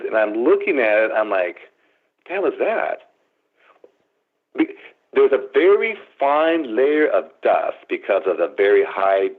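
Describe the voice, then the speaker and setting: Man, radio guest, dramatic storyteller, lively pitch, phone-line sound.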